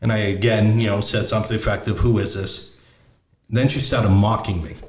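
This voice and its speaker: A man's voice: on the low side, steady tone, quick pace, reverberant. A middle-aged man telling a story casually, blunt and profane, often restarting as he searches for words. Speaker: podcast host.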